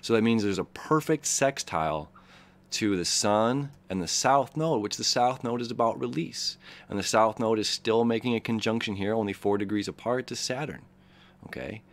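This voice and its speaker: A man's voice: on the low side, normal speed. A man giving a casual, earnest horoscope reading, reflective and emotional, often checking in with "okay?" and "you know". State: emotional, near tears. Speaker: astrologer host.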